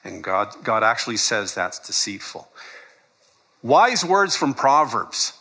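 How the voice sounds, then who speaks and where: A man's voice: medium pitch, sharp tone, breathy edge. A man preaching a sermon in a conversational way, laughing often and acting out quoted lines. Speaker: pastor.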